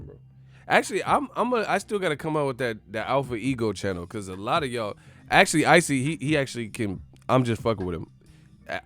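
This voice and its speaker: A man with a mid-range voice hosts a boxing channel, trading playful, slang-heavy banter and often breaking into loud, yelled movie catchphrases.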